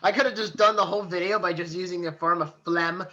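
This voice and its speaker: A man's voice: high voice, fairly even intonation, quick pace, bright, forceful tone, highs cut off. A man co-hosting a podcast, rambling and laughing at his own jokes in casual banter. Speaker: podcast co-host.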